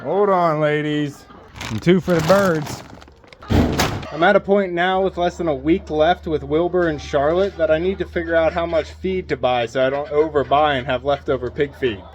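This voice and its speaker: A man's voice: fairly high pitch, steady tone, normal speed, background noise. A man doing a casual homestead vlog outdoors at his barn, chatting as he works and talking to his animals. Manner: chatty, talks to his animals while working. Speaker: homestead vlogger. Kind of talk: casual chores narration to camera. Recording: dull lo-fi outdoor sound, faint ambience.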